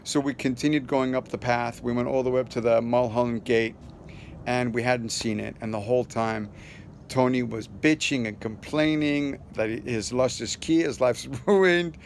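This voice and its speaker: A vlogger tells the camera a personal story, his medium-pitched voice steady and moderately paced over slight background noise. He rambles loosely, with plenty of fillers and restarts, stays earnest throughout, and signs off on an upbeat note.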